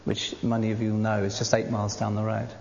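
A man's voice: fairly low pitch, monotone, fast, creaky, darkish tone. A man preaching a sermon in a church, earnest and exhorting his congregation. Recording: reverberant church hall, dull faint hiss.

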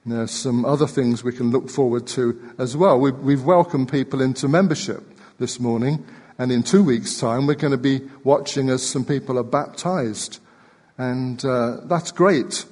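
A man preaches to his church in a calm, measured voice, pitched in the middle of the range. He often repeats a word as he goes on. The sound rings with the long reverb of a large hall. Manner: gentle, measured, repeats words. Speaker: pastor. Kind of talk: sermon. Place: church sanctuary.

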